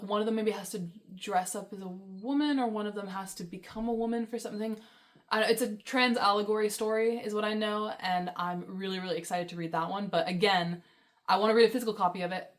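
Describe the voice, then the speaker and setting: A young woman vlogging about books in a casual, rambling, enthusiastic way, with many fillers and laughs. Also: medium pitch. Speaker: book vlogger. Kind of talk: casual chat.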